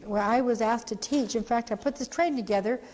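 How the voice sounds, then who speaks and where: In an echoey hall, a founder and parent trainer delivers a heartfelt training talk, animatedly performing the voices of people in her story. Her voice is a little high and brisk, with slight background noise.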